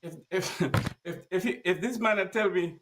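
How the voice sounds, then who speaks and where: A man with a fairly high voice tells his story emphatically, speaking plainly and acting out each exchange. His voice sounds set back from the microphone, a little distant. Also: normal speed, noisy background. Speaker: guest. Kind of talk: personal storytelling.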